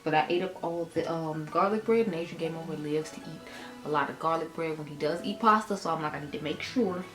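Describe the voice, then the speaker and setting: A woman rambles casually through a makeup tutorial, calling her viewers y'all. Her voice sits a little low. She is recorded in an echoey room at home, with music clearly audible behind her. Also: quick pace. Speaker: beauty vlogger.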